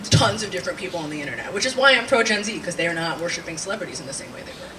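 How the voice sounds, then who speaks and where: A woman in her twenties or thirties doing a stand-up comedy set, rambling and animated, swearing and laughing at her own jokes. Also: fairly low pitch, very fast, crowd noise. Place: small live comedy venue. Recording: distant mic with audible room noise.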